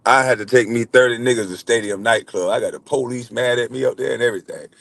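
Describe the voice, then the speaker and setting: A man's voice: mid-range voice, fairly even intonation, fast talker, vocal fry, fairly bright tone. A man, hosting a casual livestream and bantering loosely with chat, swearing and laughing. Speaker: livestream host.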